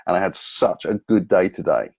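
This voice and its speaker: A man's voice: deep voice, lively intonation, normal speed, vocal fry, darkish tone, husky, no room sound. A man, a personal development coach, talking through his day in an earnest, candid vlog monologue. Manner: earnest, candid, self-motivating.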